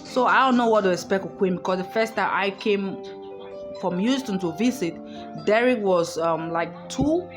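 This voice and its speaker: A woman vlogger telling a personal story in a casual monologue, emphatic and outspoken, swearing freely, recorded in a hotel room. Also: mid-range voice.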